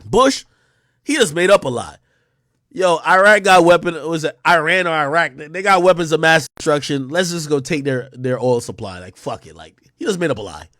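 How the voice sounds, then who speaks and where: Animated high-pitched man ranting on a livestream. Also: moderate pace, no room sound, studio quality. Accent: New York. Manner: animated, profane, mocking impressions. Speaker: livestream host. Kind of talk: unscripted livestream rant.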